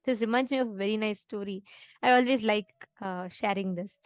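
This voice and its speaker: A woman's voice: medium pitch, brisk, clear, resonant tone, no room sound. A woman teaching a live online spiritual session, explaining step by step and often checking that her students understand.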